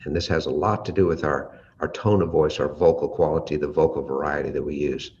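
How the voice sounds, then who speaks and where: American guy teaching about voice, really low pitch, kinda muffled audio with faint background hum. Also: steady tone, a little mellow. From United States. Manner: varies volume and pace to demonstrate, drawn-out pauses. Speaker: leadership trainer. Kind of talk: teaching talk with vocal demonstrations. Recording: slightly dull audio with faint ambient noise.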